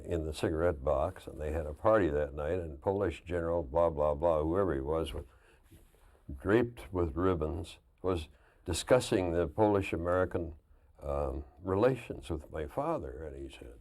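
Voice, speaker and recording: An older man telling lively anecdotes as a guest on a 1999 television interview, often laughing at his own stories. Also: sits low. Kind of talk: casual storytelling.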